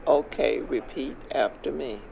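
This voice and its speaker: A man's voice: medium pitch, measured pace, gravelly. A man playing an older preacher who counsels a young man and leads him in prayer, line by line, in an earnest way. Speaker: street preacher. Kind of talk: dramatic skit. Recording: muffled street recording with traffic noise.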